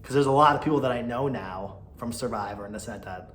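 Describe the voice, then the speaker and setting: A man in his thirties talks through a casual solo podcast, gossipy and mocking, shifting between loud bursts and mumbled asides. His voice sits at an ordinary pitch. The room is echoey, with a faint hum of noise behind him. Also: rapid-fire. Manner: mocking, mimics others in a high whiny voice. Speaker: podcast host.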